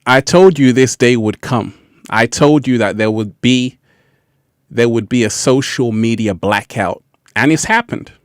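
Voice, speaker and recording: A man hosting a casual livestream speaks slowly and in an easy, unhurried way. He laughs often and repeats phrases for effect, and his voice sounds dry and close. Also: mid-range voice, smooth, no echo. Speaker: livestream host.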